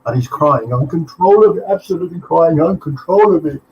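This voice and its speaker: A man co-hosting a live talk show, telling a long joke like an animated storyteller who takes his time. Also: fairly high pitch, fairly quick, lo-fi sound, a little hiss or hum. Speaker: co-host telling the weekly joke.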